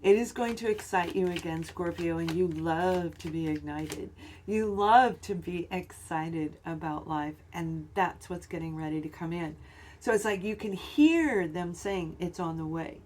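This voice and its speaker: A woman's voice: on the low side, darkish tone, a little hiss or hum. Upbeat, encouraging woman reading tarot. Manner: upbeat, encouraging, drawn-out emphasis with some fillers. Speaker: tarot reader.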